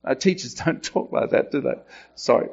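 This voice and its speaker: A man preaching a sermon with slow, emphatic delivery, his voice rising when he quotes. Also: mid-range voice, creaky, darkish tone, slightly rough, lo-fi sound. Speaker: pastor.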